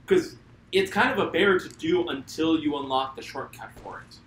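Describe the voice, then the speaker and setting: A man's voice: on the high side, animated, moderate pace, a bit bright, a little hiss or hum. A man co-hosting a video game let's play, patiently explaining how the game works, in a roomy, echoing recording. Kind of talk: casual gaming chat. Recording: roomy echo.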